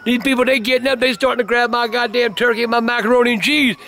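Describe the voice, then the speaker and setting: Older man, high-pitched, cranky, profane, rambling, casual storytelling. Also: flat delivery, fast talker, gravelly, sharp tone, slight background noise. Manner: profane, rambling and cantankerous, snapping at his son. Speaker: grandfather telling family stories.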